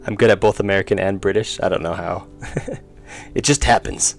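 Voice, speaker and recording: A young man streaming his indie game development, talking casually and muttering to himself with self-deprecating asides as he draws. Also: low-pitched. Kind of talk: casual livestream commentary while drawing.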